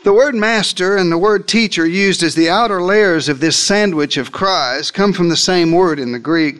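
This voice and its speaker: A man preaching a theatrical sermon, retelling a story as if he were there and speaking directly to his listeners. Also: a bit bright. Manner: theatrical, shifts pitch and pace for emphasis. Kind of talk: dramatic first-person sermon storytelling.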